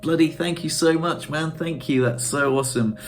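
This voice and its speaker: A man's voice: fairly high pitch, moderate pace, soft background music. A man vlogging to camera in a casual, rambling way, emotional and swearing freely.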